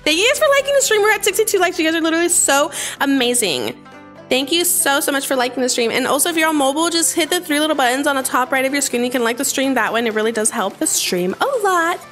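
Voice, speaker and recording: A woman streaming a game live, chatting with viewers in a bubbly, excitable way and breaking into sudden squeals. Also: high voice, fast talker. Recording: faint game music behind.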